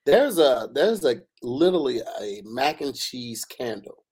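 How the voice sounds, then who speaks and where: A man's voice: medium pitch, very animated, unhurried, darkish tone, breathy edge. A man co-hosting a podcast in casual chat, slangy and emphatic, often checking that the listener agrees. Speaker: podcast co-host.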